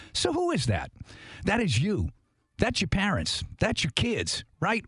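A man's voice: high-pitched, vocal fry, a bit bright, no room sound. A middle-aged man hosting a radio show, speaking energetically and motivationally, talking straight to his listeners. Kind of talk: upbeat radio show talk. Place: radio studio.

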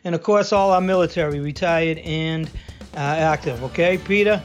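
A man's voice: fairly high pitch, moderate pace, faint music behind, natural voice. A man doing a comic Boston-accented sports-fan character on a radio show, rambling and folksy, boastful about his hometown teams. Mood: cheerful. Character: brash Boston sports-fan guy, middle-aged man.

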